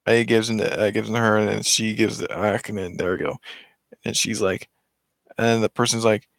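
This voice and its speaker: Dude rambling thru a movie plot, keeps restarting, smooth voice, dry close sound. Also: male voice, lowish voice, fairly even intonation, moderate pace, no echo. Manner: rambling, many restarts and self-corrections. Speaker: vlogger. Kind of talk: casual movie retelling.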